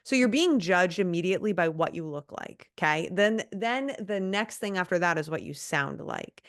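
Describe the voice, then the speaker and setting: A woman's voice: on the low side, lively intonation, normal speed. A woman who used to be a police officer, talking bluntly and emphatically in a casual interview, now and then swearing. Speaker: guest, former police officer and coach.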